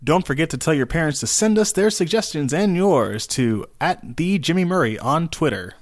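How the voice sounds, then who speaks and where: A man reading the closing outro of a podcast in a brisk, upbeat way. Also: a little high, animated, slight background noise. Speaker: podcast host. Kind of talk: scripted show outro.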